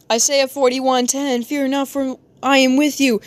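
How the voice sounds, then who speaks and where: A young woman livestreaming while she draws, chatting casually, reading chat aloud and giggling, with sudden high squeals. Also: little pitch movement, measured pace, few pauses, a little hiss or hum.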